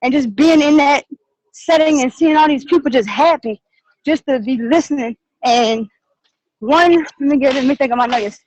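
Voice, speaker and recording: Breathless woman, high and dry, excitable rambling testimonial on a call. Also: normal speed, dry recording, muffled recording. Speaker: team member sharing on a call. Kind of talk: casual testimonial share.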